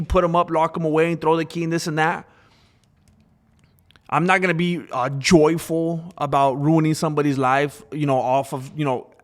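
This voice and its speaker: Animated man giving casual commentary. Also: a little high. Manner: animated, repetitive, acts out quoted voices. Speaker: commentary channel host.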